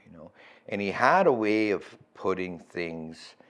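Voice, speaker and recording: A man's voice: low voice, expressive, unhurried, a bit bright. A middle-aged man telling his recovery story as a guest, candid and profane, often checking in with "right?".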